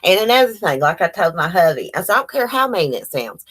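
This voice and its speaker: A woman, chatting casually on a livestream and telling animated stories full of quoted dialogue. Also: lowish voice, fast, breathy edge. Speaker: livestream host.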